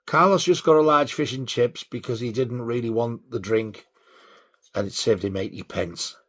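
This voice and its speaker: A man telling a sweary, animated story in a casual vlog. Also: mid-range voice, moderate pace, breathy edge. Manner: sweary, animated when riled. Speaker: vlogger.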